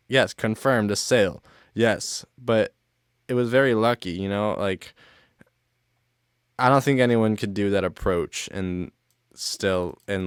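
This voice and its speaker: Low-voiced young man rambling casually. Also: clean tone, no room sound, clean studio sound. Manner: rambling, filler-heavy with constant "like" and swearing. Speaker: storyteller. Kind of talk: casual storytime.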